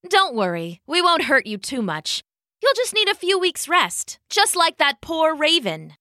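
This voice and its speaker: A woman voicing a cruel fairy who taunts her victims in a slow, sweet voice that turns sinister. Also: high-pitched, very animated, pushed and bright, no room sound, studio quality, full character voice. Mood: mocking. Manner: slow, crooning and mocking. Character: taunting female energy-stealing fairies, sweet turning sinister.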